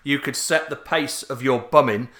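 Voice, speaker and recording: A man co-hosting a comedy podcast, trading dry, deadpan quips. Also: medium pitch, moderate pace, noisy background. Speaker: podcast co-host. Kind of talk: crude comedic banter.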